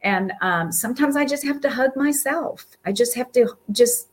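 Her voice is fairly high and her pace moderate as she speaks, a woman guest addressing an audience. She keeps it casual and from the heart, encouraging and warm-hearted in an earnest way, with soft laughter mixed in.

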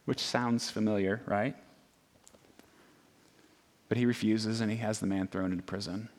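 This pastor's voice is lowish and his pace measured. He preaches conversationally and with animation, asking the congregation plenty of rhetorical questions and dropping in many "right?" asides.

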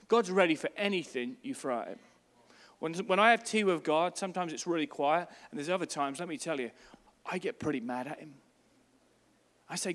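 A man preaches a sermon in a fairly high voice. He tells stories and hammers home his points with emphasis. His voice rings with the long reverb of a large church hall. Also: expressive, a little fast, fairly bright tone. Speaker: pastor.

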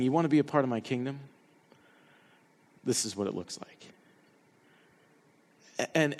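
A man preaching a passionate sermon as pastor, dropping to hushed tones for quoted words. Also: medium pitch, in a large hall.

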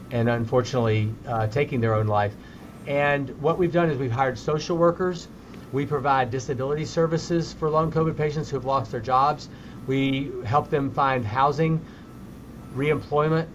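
A man's voice: medium pitch, dull audio, a little hiss or hum. A middle-aged man, a physician guest, answering interview questions sincerely and often repeating words as he starts a sentence.

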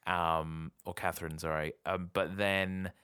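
A podcast co-host in casual chat, musing aloud and speculating about where a story is heading. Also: male voice, sits low, little pitch movement, a little slow, sharp tone, clean tone, no echo, studio quality. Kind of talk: casual chat, guessing plot.

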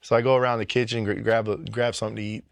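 A man's voice: on the low side, flat delivery, rapid-fire, creaky, dry recording, studio quality. A man giving a personal faith testimony, speaking earnestly and emotionally, with frequent repetitions and restarts.

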